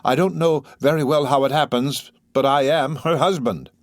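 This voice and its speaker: A man's voice: a little high, normal speed, no room sound, clean studio sound, pitched above the performer's own voice, natural voice. A man voicing a young male poet who is gallant, wordy and pleased with himself, speaking in a theatrical, musing way. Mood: amorous eager.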